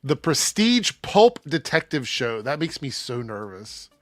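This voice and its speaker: A man's voice: mid-range voice, measured pace, no echo, studio quality. A man co-hosting a casual livestream, reading an article aloud and breaking off with his own opinions. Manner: animated, reads articles aloud with asides. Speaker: co-host reading news.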